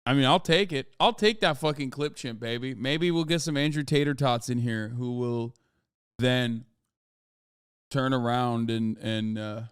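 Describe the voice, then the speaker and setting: A man's voice: medium pitch, a little slow, clean tone, dry recording, studio quality. A man hosting a livestream, giving casual commentary in a blunt, profane and heated way. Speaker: livestream host.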